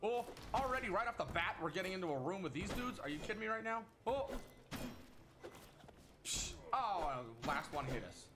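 Excitable male gameplay host, slightly high voice, lively delivery. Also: moderate pace, long pauses. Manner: excitable, frequent exclamations, self-talk. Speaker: gaming channel host. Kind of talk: casual gameplay commentary. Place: at home. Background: game music.

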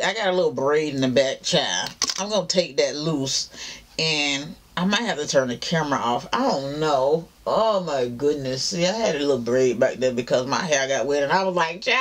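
A woman with a Southern US accent chatting casually to her camera at home, drawling asides to her viewers. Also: low-pitched. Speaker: vlogger. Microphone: camera mounted up high.

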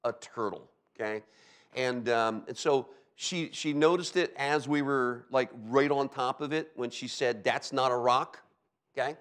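A middle-aged pastor from Delaware, USA, delivers a sermon in a mid-range, fairly bright voice at a slightly slow pace. He tells stories punctuated by sound effects and keeps tossing in "okay?" asides.

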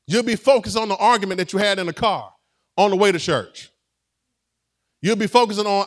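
A man's voice: high-pitched, brisk, pauses often. A man preaching a sermon as pastor, conversational and playful, with call-and-response to the congregation.

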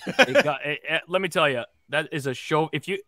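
A man's voice: on the high side, lively intonation, fairly quick, pushed and bright, no room sound. A man co-hosting a comedy podcast, riffing in goofy, pushy banter on a close, dry mic. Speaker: podcast co-host.

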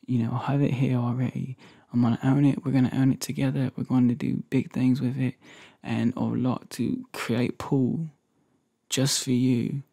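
Gravelly, husky man in whispered role-play. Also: medium pitch, level tone, moderate pace. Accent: put-on London accent. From United States. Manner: playful, flirty, rambling, soft-spoken. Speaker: ASMR creator.

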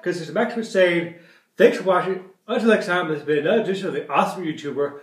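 A male vlogger talking casually to camera in a playful way, jumping between loud outbursts and quiet asides. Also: sits high, expressive, fast talker, distant mic. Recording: echoey room, away from mic.

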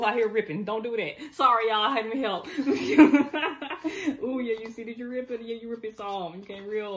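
A woman filming a casual unboxing on her phone, gushing, laughing and repeating herself as she chats. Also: fairly high pitch. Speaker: vlogger unboxing makeup. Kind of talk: casual excited unboxing chat. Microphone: phone camera.

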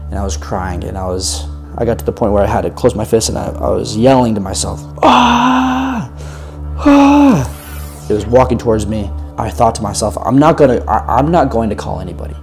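A man's voice: lowish voice, fairly even intonation, fast, gravelly, warm tone, faint music behind. A young man telling an emotional first-person story in an earnest, confessional way, swearing now and then. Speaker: vlogger recounting a personal experience.

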